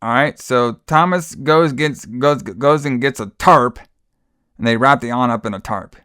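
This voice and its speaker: A man's voice: medium pitch, measured pace, sharp tone, clear, resonant tone, dry recording, clean studio sound. A man co-hosting a podcast, recapping a film in casual, exasperated, profane chat with frequent sighs. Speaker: podcast co-host.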